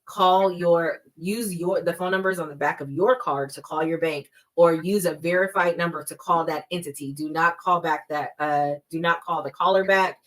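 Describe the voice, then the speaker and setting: On a low-quality recording, a woman whose voice sits on the low side guests as an expert on a podcast. She's in her thirties and describes red flags for fraud emphatically and conversationally, now and then performing scam calls in quick bursts.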